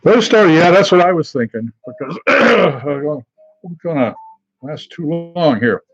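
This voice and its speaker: A middle-aged man hosting a live beer tasting stream, chatting casually with many pauses and fillers and greeting viewers by name. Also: a little high, lively intonation, dull audio, soft background music.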